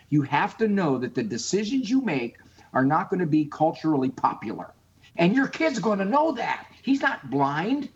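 A man's voice: sits high, normal speed, muffled recording. A man speaking as a guest psychologist on a call-in radio show, emphatic, acting out quotes. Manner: animated, emphatic, acts out quotes.

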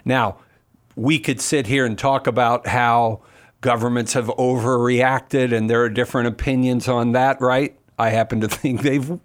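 A middle-aged man speaking on a call-in show in an even, mid-pitched voice. He explains scripture emphatically, pausing for quick asides and rhetorical questions. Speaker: apologist answering callers. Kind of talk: call-in radio talk.

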